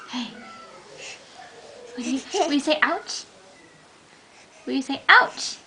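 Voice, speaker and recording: A woman's voice: high-pitched, expressive, takes it slowly, long pauses, pushed and bright. A young woman filming her baby at home, coaxing it in playful sing-song baby talk. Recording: noisy home camcorder audio.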